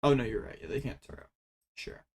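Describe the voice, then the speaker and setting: A young man giving casual gameplay commentary as a card game YouTuber, excitable and full of dramatic mock complaints. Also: medium pitch, brisk, gravelly, husky.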